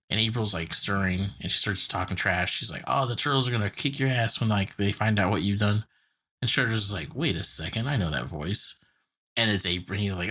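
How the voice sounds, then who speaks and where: A man's voice: fairly low pitch, bright, forceful tone, husky. A man co-hosting a podcast, retelling a cartoon episode in a loose, rambling way with lots of filler words. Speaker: podcast co-host. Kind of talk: casual chat recapping a cartoon episode.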